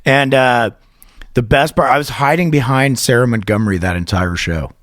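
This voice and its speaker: A man's voice: mid-range voice, moderate pace, a bit bright, no room sound, studio quality. A man hosting a casual talk show, rambling through crude anecdotes, laughing at his own stories and mimicking voices. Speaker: podcast host. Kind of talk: casual storytelling chat.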